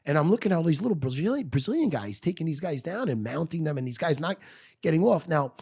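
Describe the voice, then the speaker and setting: A man's voice: fairly high pitch, lively intonation, fast, gravelly, darkish tone, husky. A middle-aged man, telling a blunt, profane story as a guest in a podcast studio. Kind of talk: storytelling in conversation.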